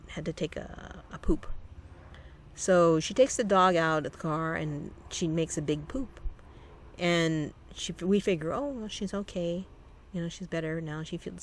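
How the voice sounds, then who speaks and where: A channel host telling a personal story in a rambling, halting way, often restarting sentences. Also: mid-range voice.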